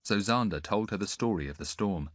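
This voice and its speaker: A man narrating an audiobook in an expressive, varied way. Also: fairly low pitch, fairly quick, dry recording, clean studio sound.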